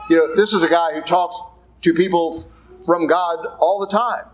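Higher-voiced man preaching a blunt sermon. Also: steady tone, normal speed, soft background music, rough recording. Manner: conversational preaching, blunt asides, acts out quoted voices. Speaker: Catholic priest.

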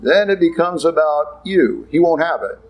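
A man's voice: fairly high pitch, lively intonation, moderate pace, rough recording. A man, a Catholic priest, giving a conversational sermon with blunt asides, now and then acting out the voices he quotes.

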